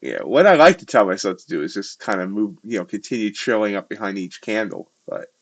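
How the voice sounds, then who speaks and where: A man on a livestream, answering questions about his trades in short, halting replies. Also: lowish voice, animated, no room sound. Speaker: livestream co-host. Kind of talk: casual trading chat.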